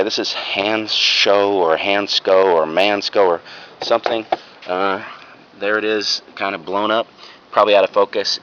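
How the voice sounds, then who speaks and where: A man's voice: on the low side, fairly bright tone. A man casually showing off his secondhand finds in a video, rambling and frank, with plenty of ums and uhs. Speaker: reseller vlogger. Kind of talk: casual show-and-tell haul video. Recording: lo-fi home video with clear background noise.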